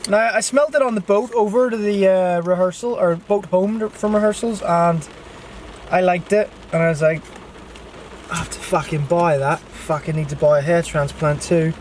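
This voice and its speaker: A man's voice: sits high, fairly even intonation, moderate pace, slight background noise. A young man, chatting casually and swearing freely as he vlogs from tour on a handheld action camera. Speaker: touring actor vlogging. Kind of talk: casual vlog chat.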